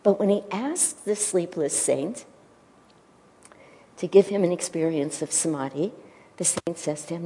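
Mellow low woman in a hall. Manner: gentle, storytelling, pauses to search for words. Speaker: spiritual teacher. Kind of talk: devotional talk retelling a story.

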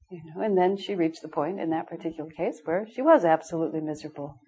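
A middle-aged woman gives an informal spiritual class. She tells stories candidly, and her lowish voice often breaks into laughter. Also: fairly quick, hardly any pauses, darkish tone, rough recording. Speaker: spiritual teacher.

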